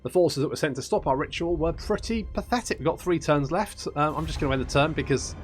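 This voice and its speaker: A man's voice: a little high, quick pace, slight background noise. A man doing casual gameplay commentary as a YouTuber, ranting, swearing and mocking himself. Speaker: gaming YouTuber. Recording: faint game music behind.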